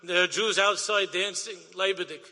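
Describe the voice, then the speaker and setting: A man's voice: high-pitched, normal speed, sharp tone, big-room sound. A man, a rabbi, tells an emotional story to an audience, dropping Yiddish and Hebrew words and repeating his phrases.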